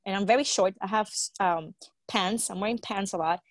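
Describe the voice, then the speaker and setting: Animated woman telling a story, dry sound. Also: mid-range voice, normal speed, dry recording. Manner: animated storyteller, quotes others, swears, laughs. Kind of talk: casual storytelling chat.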